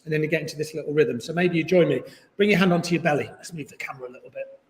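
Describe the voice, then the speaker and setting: A man's voice: on the high side, very fast. Chatty man in an echoey room. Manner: chatty, jokey and encouraging. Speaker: yoga instructor. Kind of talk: live online yoga class. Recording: echoey room with long reverb.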